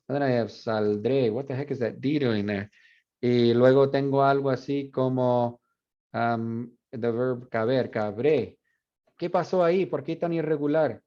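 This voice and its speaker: A male Spanish professor giving an animated university lecture, repeating example words aloud to demonstrate. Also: medium pitch, moderate pace. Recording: dull lo-fi classroom recording.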